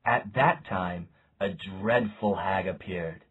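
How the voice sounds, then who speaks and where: A man reading a fairy tale aloud as narrator, slow and deliberate. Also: deep voice, slightly rough, lo-fi sound. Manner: slow, deliberate, lively intonation. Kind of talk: storybook reading.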